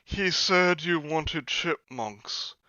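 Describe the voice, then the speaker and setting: A man's voice: fairly high pitch, drawn-out words, pushed and bright, dry recording, lo-fi sound, pitched above the performer's own voice, exaggerated voice. A man doing a hesitant murmuring man. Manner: hums before phrases. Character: hesitant man murmuring before each phrase.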